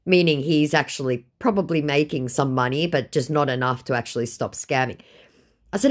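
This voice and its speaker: A woman telling the story of baiting a scammer, with sardonic, deadpan asides. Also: deep voice, moderate pace. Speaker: scam baiter recounting a chat. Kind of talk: storytelling vlog narration.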